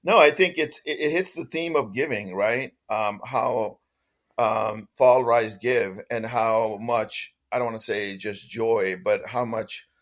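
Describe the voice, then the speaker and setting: A man's voice: medium pitch, measured pace. A man co-hosting a podcast who speaks casually and supportively, with many filler "ums". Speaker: podcast co-host.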